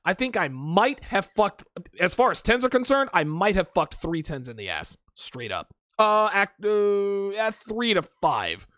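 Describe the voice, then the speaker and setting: A man with a fairly high, very animated voice that swings up and down as he talks off the cuff on a livestream. He answers his chat bluntly, swears freely and laughs often. The sound is close and dry, with no room around it. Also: unhurried, dry recording. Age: adult. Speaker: livestream host reading chat. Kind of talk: casual unscripted livestream chat.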